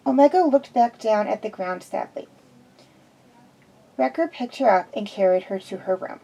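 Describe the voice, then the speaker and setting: A woman's voice: medium pitch, animated, normal speed, vocal fry, long pauses, warm tone, rough recording. A woman reading fan fiction aloud in an unpolished way, with restarts. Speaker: reader.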